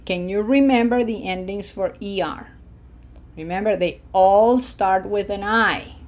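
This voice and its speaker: A woman teaching Spanish verb endings, drilling each form slowly and encouraging her students. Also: mid-range voice. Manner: slow, deliberate drill pronunciation with encouraging asides. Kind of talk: language lesson.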